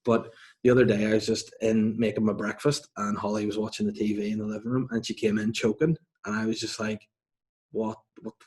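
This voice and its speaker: A man's voice: on the low side, little pitch movement, brisk, darkish tone. A man in his thirties hosting a podcast, telling rambling, self-mocking stories in casual chat. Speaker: podcast host.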